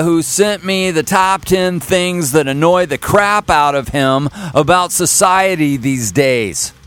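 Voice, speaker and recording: A man hosting a rock music podcast, talking in a relaxed, wry way. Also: fairly high pitch, clean tone. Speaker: podcast host. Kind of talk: casual podcast talk.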